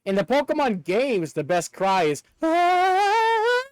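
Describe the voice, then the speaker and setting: A man streaming live in casual chat, excitable, swearing often and breaking into laughter. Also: high voice, normal speed, no echo.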